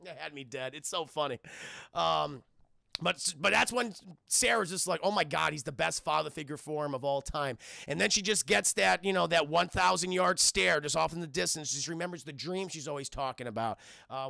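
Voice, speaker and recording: Young streamer guy recapping a movie, swears a lot, very gravelly, high bright voice. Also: a little fast, no echo, clean studio sound. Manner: animated, profane, keeps addressing chat. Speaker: streamer and film reviewer. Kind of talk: casual live-stream film recap.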